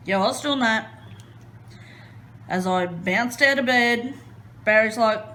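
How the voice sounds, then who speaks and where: A woman chatting casually as she crafts, retelling a story in an expressive, animated way. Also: fairly high pitch, slow pace, long pauses. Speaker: crafting vlogger.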